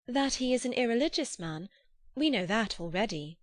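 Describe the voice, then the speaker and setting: A woman reading the part of a spirited young Englishwoman in an audiobook, speaking in a sharp, retorting way. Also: on the high side, animated, normal speed, dry recording, voice pushed up, close to an everyday voice. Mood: probing.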